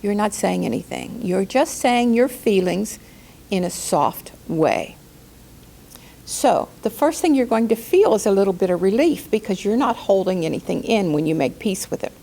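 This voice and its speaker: A woman life coach giving a calm spoken lesson, slowing down to stress key words and acting out quoted outbursts in a raised voice. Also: creaky. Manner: calm, gentle delivery with slow deliberate emphasis; acts out quoted outbursts in a higher, louder voice. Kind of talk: spoken teaching talk.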